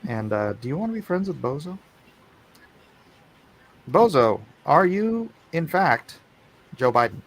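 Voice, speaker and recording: A man's voice: on the high side, sing-song, a little slow, long pauses. A man hosting a casual live stream, chatting and reading out viewer comments. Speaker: livestream host.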